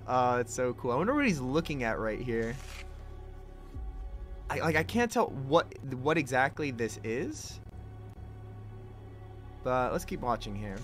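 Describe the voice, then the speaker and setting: A man doing live, excitable reaction commentary as a gaming streamer, chatting with his viewers. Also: on the high side, unhurried, long pauses, soft background music. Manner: excitable, chatty, addresses chat.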